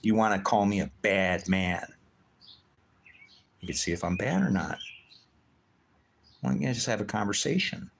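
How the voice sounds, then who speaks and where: A man's voice: deep voice, expressive, unhurried, vocal fry, long pauses, fairly bright tone, slight background noise. A man livestreaming, ranting in a heated, preachy way with lots of profanity. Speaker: livestream host. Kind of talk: livestream rant.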